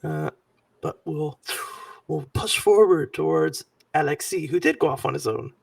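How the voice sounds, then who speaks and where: A man running a tabletop game as game master, talking in an animated, halting way with many fillers. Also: fairly high pitch, vocal fry, breathy edge, dry recording, distant mic.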